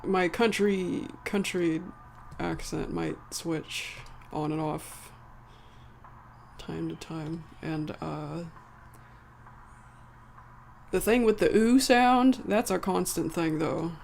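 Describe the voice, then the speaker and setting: A woman's voice: lowish voice, slow pace, gravelly, pauses often, a little mellow, slight background noise. A woman with a slight American country accent, chatting casually to a live-stream audience, rambling and correcting herself as she goes. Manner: rambling, self-correcting, chuckling. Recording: faint background music.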